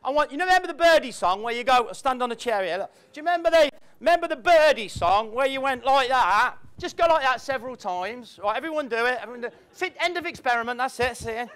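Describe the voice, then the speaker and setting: A man's voice: extremely high pitch, animated, quick pace, hardly any pauses, a bit bright, clean tone. A man giving a motivational talk to a live audience in an event room, playful and acting out the people he quotes. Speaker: motivational speaker.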